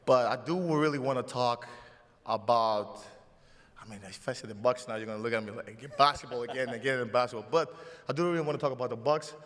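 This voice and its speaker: A man with a Greek accent talks on a live stage, stopping and starting as he tells his story. His voice sits at an ordinary middle pitch. A long reverb from the large hall trails each phrase. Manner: halting, restarts often, emotional storytelling. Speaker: host. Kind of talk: live stage show conversation.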